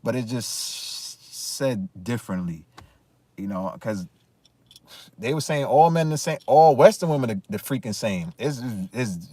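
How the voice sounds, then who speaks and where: Mellow and fairly low, this man's voice is recorded without echo. In his commentary vlog he delivers an emphatic, casual opinion rant marked by repeated phrases and frequent restarts.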